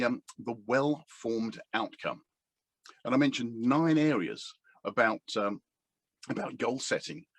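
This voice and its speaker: A man's voice: medium pitch, a bit bright, slightly rough, no room sound. A middle-aged man, a coach, talking casually to a camera on his table, rambling and hesitant with many fillers. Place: indoors at a table. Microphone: camera standing on the table.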